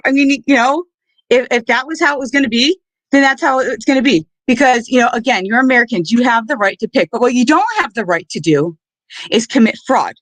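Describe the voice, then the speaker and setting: Female streamer host, earnest and choked up, fairly high pitch, dry close recording. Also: a bit bright, dry recording, rough recording. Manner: earnest, halting, many fillers and restarts. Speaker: podcast host. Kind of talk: solo livestream talk.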